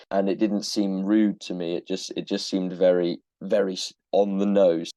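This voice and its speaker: Brief: man from Cornwall, low voice, mellow tone, thoughtful interview guest. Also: no room sound. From Cornwall, England. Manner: thoughtful, with frequent restarts and soft laughs. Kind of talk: casual interview answers.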